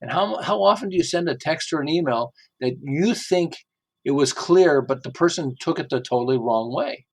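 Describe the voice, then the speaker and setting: A man's voice: fairly high pitch, moderate pace, slightly rough. A middle-aged man, a marketing expert guest, chatting casually and acting out quotes as he tells stories. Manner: animated storyteller who acts out quotes. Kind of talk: casual interview chat.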